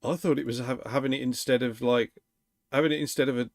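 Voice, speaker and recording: A man's voice: medium pitch, fairly even intonation, fast talker, no echo, studio quality. A man hosting a casual livestream chat, playful and teasing, laughing often. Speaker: livestream host.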